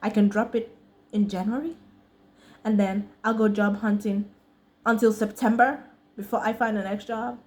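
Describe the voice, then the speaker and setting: A woman's voice: medium pitch, steady tone, moderate pace, pauses often, darkish tone. A woman with an American accent telling a casual, slangy storytime vlog story and laughing often between sentences. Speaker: vlogger.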